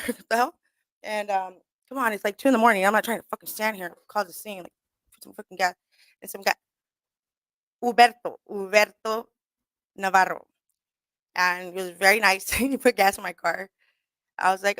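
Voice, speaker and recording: A young woman rambles through stories on her radio show, laughing often and cursing freely as she acts out what people said. Her pitch sits in an ordinary middle range. The sound is close and dry, with no room behind it. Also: brisk, long pauses, a bit bright, dry recording. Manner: laughing often, swearing, storytelling with quoted asides. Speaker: radio show host and comedian. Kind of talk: casual rambling monologue. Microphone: studio microphone.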